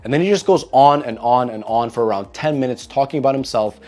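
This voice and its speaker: A man's voice: medium pitch, quick pace, a little mellow, faint music behind. A man, a dating coach, narrating a story and acting out the lines of the people in it. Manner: acts out quoted lines in dialogue. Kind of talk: storytelling monologue.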